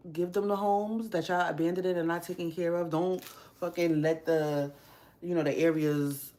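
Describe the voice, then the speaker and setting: A young woman hosts a casual livestream from her home workspace, speaking in a slightly low, dark-toned voice at a moderate, steady pace. She rants bluntly, swears a lot, and pushes every opinion hard.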